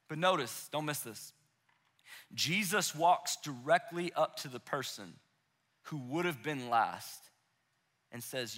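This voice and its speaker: A man in his thirties preaching a conversational sermon to young adults, acting out quoted voices and dropping to a hushed intensity for emphasis. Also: mid-range voice, lively intonation, unhurried. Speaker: pastor. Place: church auditorium.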